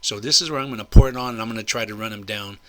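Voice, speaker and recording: A man's voice: on the low side, very fast. An older man telling a story in a casual, rambling way, indignant and full of asides. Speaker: vlogger recounting a personal incident.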